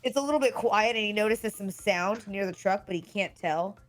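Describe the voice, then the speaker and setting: A woman's voice: mid-range voice, fairly quick. A young woman chatting casually on a gaming stream, laughing often as she improvises a silly story. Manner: giggly, animated storyteller. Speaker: streamer's guest player.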